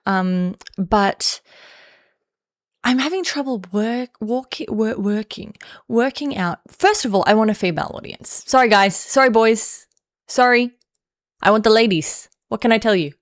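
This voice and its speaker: A woman's voice: on the high side, measured pace, dry recording, studio quality. An Australian woman hosting a casual livestream who rambles with lots of fillers and self-mocking humor. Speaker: livestream host.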